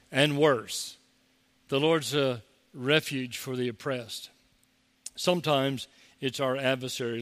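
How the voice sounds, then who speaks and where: Bright-voiced preacher in an echoing hall. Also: male voice, a little high. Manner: conversational preaching with mocking quoted voices. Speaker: pastor. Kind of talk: sermon.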